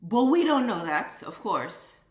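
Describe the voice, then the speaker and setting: A woman's voice: mid-range voice, sing-song, unhurried, darkish tone, reverberant. A woman vlogger delivering an impassioned, profane commentary rant, driving her points home with emphatic repetition.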